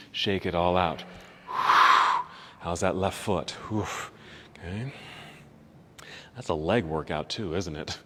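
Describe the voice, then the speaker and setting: A man teaching a yoga class, calmly cueing poses step by step and easing toward relaxation, a little out of breath. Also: lowish voice, long reverb tail. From United States. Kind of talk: guided yoga class instruction. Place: yoga studio.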